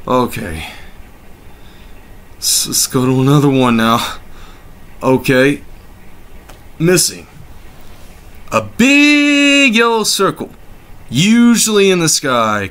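A man's voice: fairly high pitch, bright, forceful tone. A man hosting comedic meme reactions, exclaiming and laughing in disbelief, sarcastic and swearing freely.

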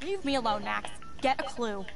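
A curt young student, off-mic. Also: female voice, on the high side, lively intonation, normal speed, gravelly, distant mic, background noise. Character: young woman student, brusque and moody. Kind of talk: video game voice acting.

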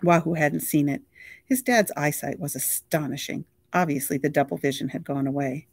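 An audiobook reader narrating a novel in a steady, even storytelling voice. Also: medium pitch, moderate pace, creaky, slightly rough, no room sound, clean studio sound.

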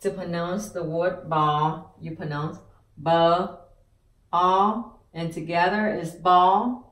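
Slow, careful woman teaching pronunciation. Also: lowish voice, steady tone, fairly bright tone, echoey room, distant mic. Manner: spells out sounds syllable by syllable. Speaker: language teacher.

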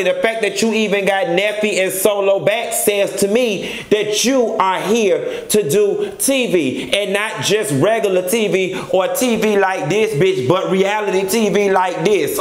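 A man's voice: high-pitched, fairly bright tone. A man reviewing a reality TV show in a flamboyant, sassy and profane vlog. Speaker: vlogger. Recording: echoey room.

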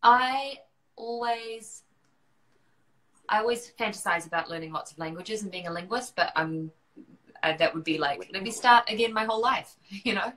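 A woman's voice: medium pitch, normal speed, fairly bright tone, rough recording. A woman with a New Zealand accent, chatting as a guest on a live video call, self-deprecating and given to trailing off mid-sentence. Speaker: guest actor. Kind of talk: casual chat on a live video stream. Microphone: video call on a phone or laptop.

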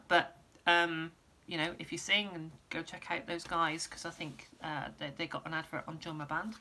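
Woman, casual vlogger, losing her voice, lowish pitch, rambly. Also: fairly even intonation, moderate pace, pushed and bright, a little hiss or hum. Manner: rambling, lots of ums and restarts. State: losing her voice, clearing throat. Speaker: musician giving an update. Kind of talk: casual vlog update.

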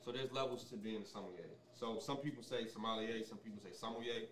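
A man speaking as a sommelier guest in a casual interview, explaining things in a relaxed way with many ums and restarts. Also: fairly low pitch, fast, reverberant, distant mic.

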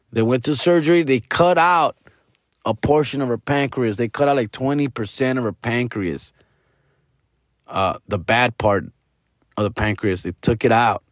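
A man's voice: medium pitch, no echo, studio quality. A male comedian hosting a podcast, telling a story in a rambling, profane way, peppering it with Spanish slang. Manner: rambling, restarts often.

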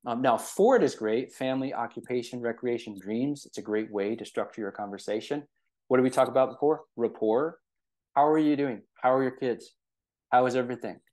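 A man's voice: mid-range voice, fairly quick, a little mellow. A man leading a real estate training in a casual, conversational way, often checking in with the listeners. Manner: conversational, with frequent fillers and rhetorical "right?".

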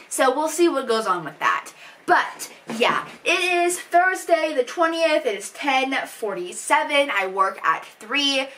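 A young woman of eighteen talks to her camera in a loose, rambling vlog style. She is self-deprecating and leans on fillers like "um" and "kind of." Her voice sits somewhat high. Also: sing-song, measured pace, fairly bright tone. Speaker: vlogger. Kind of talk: casual vlog chat.

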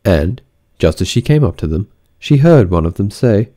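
A man narrating an audiobook of a classic tale in an expressive, theatrical reading. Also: fairly low pitch, normal speed.

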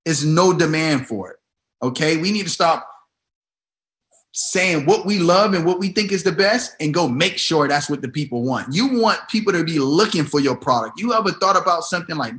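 A man's voice: on the high side, animated, normal speed, a bit bright. A man hosting a casual business talk, giving advice in an emphatic style and repeating himself for emphasis. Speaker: host.

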